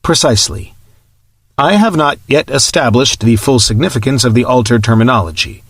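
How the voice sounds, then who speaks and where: Starship AI for an audiobook, read by a man, formal and measured, dry close sound. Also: mid-range voice, animated, a bit bright, breathy edge, no echo. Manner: formal, measured, clipped military phrasing. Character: calm precise starship computer, male.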